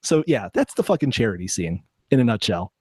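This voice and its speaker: A man hosting a casual live video call, telling crude, joking stories in an animated way. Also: lowish voice, brisk, slightly rough, dry recording. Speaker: podcast host.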